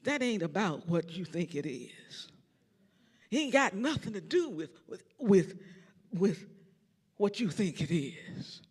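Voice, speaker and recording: An older man tells stories from the stage of a big concert hall, his voice riding high and swooping all over the place. He is a church organist and choir director, animated, singing little bits of tunes as he goes. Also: slow, slightly rough. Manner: animated, sings snippets and acts out quotes. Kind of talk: storytelling lecture.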